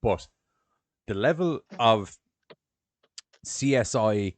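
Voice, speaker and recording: A man's voice: on the low side, animated, very slow, no echo. A man co-hosting a casual podcast chat, talking sarcastically and swearing freely. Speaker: podcast co-host and video editor.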